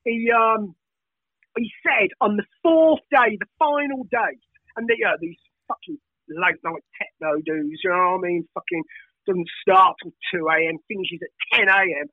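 A man's voice: high voice, moderate pace, dry recording. A middle-aged man with a Birmingham accent, chatting in a hyper, rambling way, swearing a lot and asking "you know what I mean?" over and over. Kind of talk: casual podcast chat. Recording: tinny phone-like line, dry.

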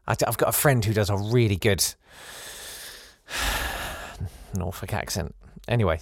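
A man's voice: medium pitch, animated, moderate pace, no echo, studio quality. A man delivering a satirical comic monologue, full of sarcastic, mocking asides. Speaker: comedian.

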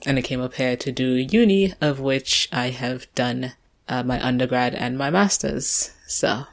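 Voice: medium pitch, a little slow, vocal fry. Chatty guest from the British Virgin Islands. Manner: chatty, laughs often. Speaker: podcast guest. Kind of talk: casual interview chat.

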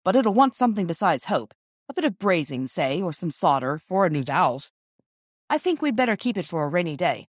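Cheerful brisk Victorian father, read by a woman. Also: fairly low pitch, very animated, no echo, studio quality.

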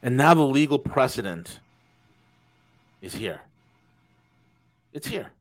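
A man's voice: medium pitch, sing-song, slow pace. Blunt, emphatic American man ranting. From United States. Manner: emphatic, repeats key phrases, blunt and profane. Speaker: podcast co-host. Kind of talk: casual political commentary.

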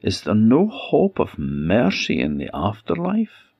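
Broken young wife begging for mercy, slow and fragile; a male narrator puts her on. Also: lowish voice, lively intonation, creaky, husky, dry recording, lo-fi sound, pitched above the performer's own voice, heavily acted. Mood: pleading. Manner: pleading, fragile.

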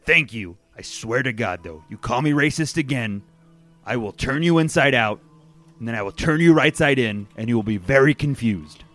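A man's voice: medium pitch, lively intonation, normal speed, a bit bright, faint music behind, lightly acted. A man voicing two small foul-mouthed goblins hiding in a human suit, snarling threats and squabbling with each other. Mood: threatening.

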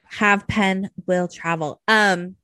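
A young woman chats animatedly as a podcast co-host, swearing freely along the way. Her voice sits at an ordinary pitch. The sound is dry and close, with no room around it. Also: fairly even intonation, slow, bright, forceful tone, dry recording. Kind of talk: casual chat.

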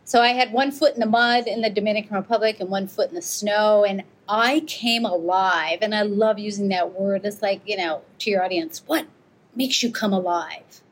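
A woman's voice: mid-range voice, normal speed, rough recording. A middle-aged American woman, an avalanche rescuer and author, telling her story in an interview and acting out the quoted exchanges. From United States. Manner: animated, acts out quoted exchanges.

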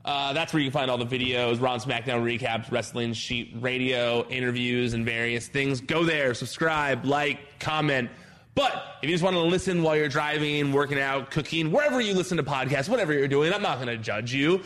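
A man's voice: mid-range voice, a little fast, a bit bright. A man hosting a podcast in casual chat, wry and joking. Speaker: podcast host.

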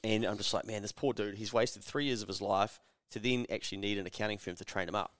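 A young man chats on a podcast, acting out the people in his stories and swearing freely. His voice sits low and comes across smooth and clean. The sound is dry and close to the mic. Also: fast, fairly bright tone, no room sound. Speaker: podcast co-host. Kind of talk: casual podcast chat.

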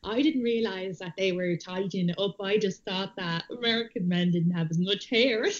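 A woman's voice: mid-range voice, normal speed, dull audio. An Irish woman co-hosting a casual podcast chat over a video call, laid-back and slangy, often poking fun at herself. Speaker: podcast co-host.

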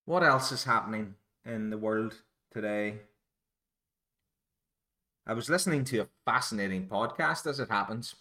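A man from Northern Ireland hosts a solo podcast, musing in a rambling, digressive and self-deprecating way. His voice is fairly low with a sharp tone, and he speaks at normal speed with long pauses.

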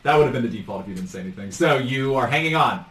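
A man's voice: medium pitch, lively intonation, rapid-fire, fairly bright tone. A man running a tabletop game as game master, narrating in a loose, chatty way with frequent ums. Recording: roomy, distant mic, faint noise.

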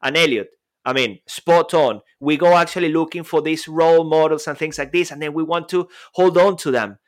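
An energetic man talking through ideas on a casual podcast. His voice sits fairly high and he sounds eager and playful, jumping between earnest points and jokes. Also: normal speed. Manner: enthusiastic, playful, bursts into song. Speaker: podcast co-host.

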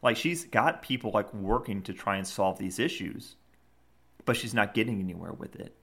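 A man's voice: on the low side, expressive, moderate pace, gravelly, a bit bright, husky. A man co-hosting a podcast, retelling scenes in a rambling, casual chat full of fillers. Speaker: podcast co-host.

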